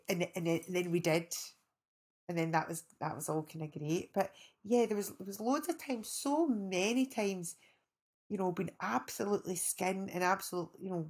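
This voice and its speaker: Chatty Scottish woman telling stories. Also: on the low side. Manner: animated, rambling anecdotes with restarts. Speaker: actress guest. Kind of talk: casual storytelling chat.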